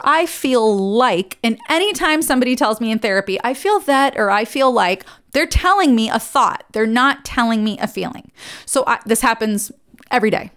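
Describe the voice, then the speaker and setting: A woman's voice: a little high, smooth. A woman therapist hosting a podcast, explaining emotions in a conversational teaching monologue with frequent check-ins to the listener.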